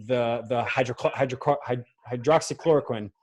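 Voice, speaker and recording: A man's voice: medium pitch, brisk, crowd noise, rough recording. A man talking in a casual conversation as a guest, rambling with frequent restarts and fillers. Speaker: podcast guest, film co-founder.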